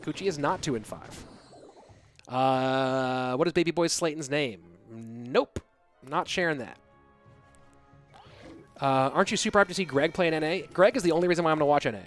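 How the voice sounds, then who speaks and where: A young man with a slightly high voice casts a game live from his home office, rambling and chatting straight to his viewers. Faint game music plays underneath him. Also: moderate pace, long pauses. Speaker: esports caster. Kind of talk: solo live-stream commentary and chat reading.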